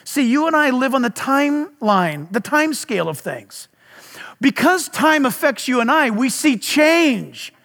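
A man's voice: very high-pitched, big pitch swings, unhurried, a bit bright, big-room sound. A pastor preaching a sermon at a church service, emphatic, putting rhetorical questions to his audience.

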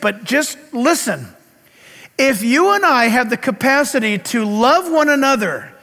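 A man preaching a sermon as pastor, telling stories in an animated way and breaking into loud calls. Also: very high-pitched, in a large hall.

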